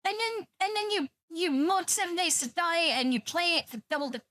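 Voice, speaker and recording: British woman, streamer, casual rambling chat, swears a lot, high voice, dry close sound. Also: normal speed, bright, forceful tone, no room sound. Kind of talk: casual livestream chat with viewers.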